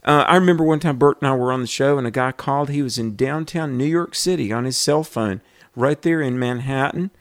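A man's voice: medium pitch, fairly quick, no room sound, studio quality. A male radio host making an earnest fundraising appeal and telling stories to rally listeners.

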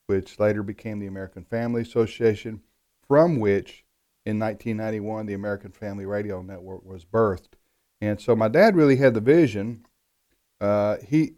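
A middle-aged man talking on a radio talk show, speaking in halting phrases with many restarts. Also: lowish voice, darkish tone. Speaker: radio network executive and guest.

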